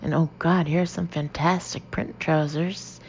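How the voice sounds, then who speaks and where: Gravelly-voiced woman narrating an audiobook. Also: low-pitched, steady tone, measured pace. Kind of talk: first-person audiobook narration. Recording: dull lo-fi audio, faint hiss.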